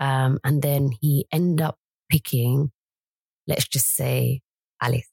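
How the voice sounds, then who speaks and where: Chatty young female co-host, gravelly low tone, close dry sound. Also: fairly even intonation, slow, a little mellow, no echo. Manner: chatty, retells a story with quoted voices. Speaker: podcast co-host. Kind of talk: casual chat, storytelling.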